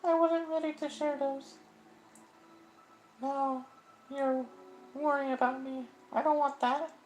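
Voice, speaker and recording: A sweet, high-voiced teenage girl from a visual novel game, bubbly on the surface but hiding sadness underneath, as a man puts her on in falsetto. Her voice sits far above a man's usual range, with a thin, airy tone that sounds nothing like his own. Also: level tone, takes it slowly, a little hiss or hum. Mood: upset.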